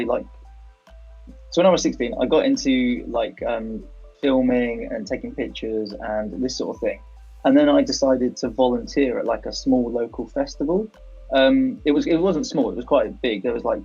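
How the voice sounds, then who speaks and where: A young British man chatting as a podcast guest, his voice gravelly and a little husky. He tells his story haltingly, full of "like" and restarts. The sound is dull and lo-fi, with faint music under it. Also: mid-range voice, mellow. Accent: British English. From England. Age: young adult. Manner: hesitant, filler-heavy storytelling. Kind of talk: casual chat.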